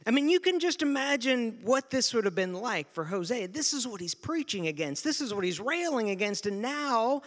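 High-voiced preacher in a big hall. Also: male voice. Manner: animated, repeats words when starting phrases. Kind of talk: storytelling sermon. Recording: long reverb of a large hall.

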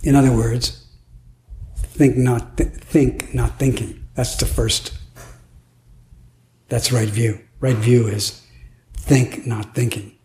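A man's voice: medium pitch, flat delivery, takes it slowly, long pauses, a little mellow. A man giving a Zen dharma talk at a retreat, musing aloud in a playful way and laughing now and then. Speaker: Zen teacher. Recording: echoey room, faint noise.

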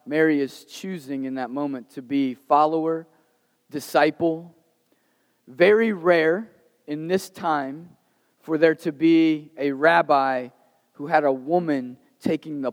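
A man preaching a sermon in a conversational, animated storytelling way. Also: fairly high pitch. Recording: reverberant hall.

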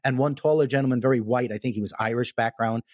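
A man telling a personal story in casual conversation, animated and emphatic. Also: medium pitch, quick pace, no echo, clean studio sound. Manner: animated, emphatic, repeats "okay?" for effect.

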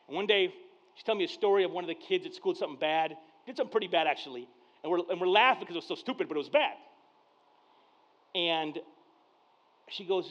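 High-voiced animated man preaching. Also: fast talker, pauses often. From Mexican heritage. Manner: conversational storyteller, acts out dialogue, swings from hushed to loud. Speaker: pastor. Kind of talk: sermon with personal stories. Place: church service. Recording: dull lo-fi sound.

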